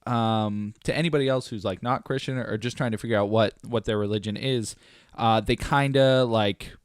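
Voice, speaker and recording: A man's voice: medium pitch, fairly even intonation, brisk, smooth, no room sound, studio quality. A man co-hosting a casual podcast, laid-back, mostly giving short agreeing replies. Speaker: podcast co-host. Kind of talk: casual chat.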